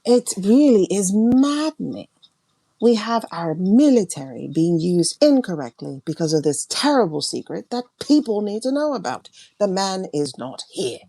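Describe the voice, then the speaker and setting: A woman hosting a tarot livestream, ranting emphatically and repeating herself, her voice swinging between loud and hushed. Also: on the low side, very animated, moderate pace, creaky, hardly any pauses, no room sound. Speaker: tarot reader and livestream host.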